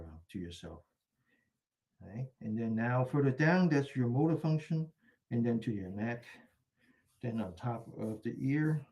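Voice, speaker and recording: A man calmly talking a group through self-massage, step by step, sometimes whispering softly. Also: fairly low pitch. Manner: calm step-by-step directions, drops to a soft whisper for repeated words. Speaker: mindfulness instructor. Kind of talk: guided self-massage instruction. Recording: echoey room.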